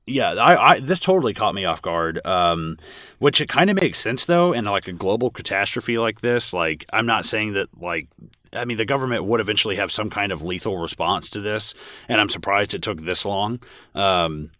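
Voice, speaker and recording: A man's voice: lowish voice, expressive, normal speed, pushed and bright, no echo. A man co-hosting a podcast, chatting casually about a film with lots of restarts and fillers. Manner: rambling with many restarts and fillers. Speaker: podcast co-host. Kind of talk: casual film commentary chat.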